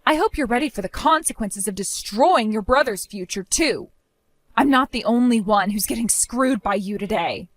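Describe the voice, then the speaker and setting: A woman narrating her own dramatic story, speaking in a cold, indignant and forceful way. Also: fairly high pitch, very animated, normal speed, dry recording. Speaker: narrator of a first-person story.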